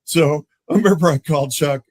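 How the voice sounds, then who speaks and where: A man's voice: on the high side, a little fast, no room sound, poor audio. A man, a police lieutenant telling stories in a casual interview and acting out the voices of the people in them. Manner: animated, acts out the voices in his stories. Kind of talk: casual storytelling in a podcast interview.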